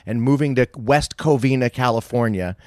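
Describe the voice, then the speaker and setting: A man in his forties from San Francisco sits as a guest on a podcast. He tells his stories in a brash, profane and self-mocking way, at a middling pitch. The sound is close and dry, with no room around it. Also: moderate pace, darkish tone, no room sound. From San Francisco, United States. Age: 40s. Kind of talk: casual storytelling chat.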